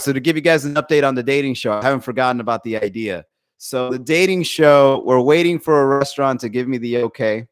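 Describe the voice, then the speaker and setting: Through a phone microphone, a young adult man hosts a casual comedy livestream podcast, acting out the voices in the viewer comments he reads and swearing plenty. His voice sits at a medium pitch with a clean tone.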